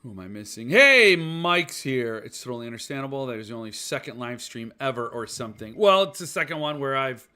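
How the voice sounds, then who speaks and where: Bright-voiced, rambling male stream host. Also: mid-range voice, quick pace, hardly any pauses. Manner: rambling, reads chat aloud and answers viewers; self-deprecating and jokey. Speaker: podcast host. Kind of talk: casual live-stream chat.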